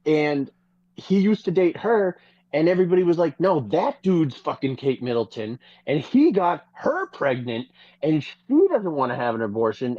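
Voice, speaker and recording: A podcast co-host in casual gossip chat, telling stories in an animated, profane way. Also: medium pitch, no echo, lo-fi sound. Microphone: podcast microphone.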